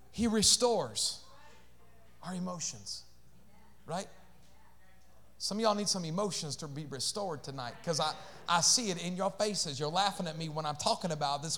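Pastor, male, very high voice; animated sermon delivery, loud shouted peaks dropping to hushed asides. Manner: animated preaching, shifts between shouting and hushed asides, call-outs to congregation.

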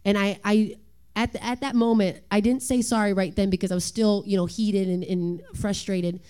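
A woman's voice: medium pitch, steady tone, normal speed, clear, resonant tone. A woman in her thirties, a worship leader hosting an earnest, confessional church talk about parenting. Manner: earnest, confessional, with gentle laughs.

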